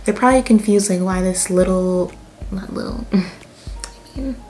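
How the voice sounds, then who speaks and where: A woman's voice: mid-range voice, normal speed, darkish tone, faint music behind. A young woman in her twenties from Canada with a Canadian accent, chatting casually as she tells a storytime in her vlog. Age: 20s. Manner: chatty, lots of fillers and laughs. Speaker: vlogger.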